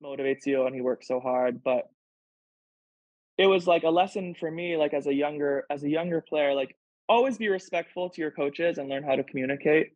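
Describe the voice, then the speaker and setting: A man's voice: on the high side, a little fast, a little mellow, no echo. Earnest man on a dull, lo-fi podcast mic. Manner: earnest and emotional, many "like" fillers. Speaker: podcast guest, pro volleyball player. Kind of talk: casual podcast conversation. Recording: dull lo-fi sound.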